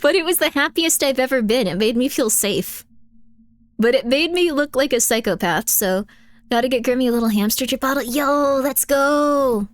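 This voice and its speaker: Woman streamer just chatting, kinda rambly, lots of likes and laughs, slightly high voice. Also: normal speed, no echo. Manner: rambling, frequent fillers and laughter. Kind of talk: casual chat, reacting to chat and videos.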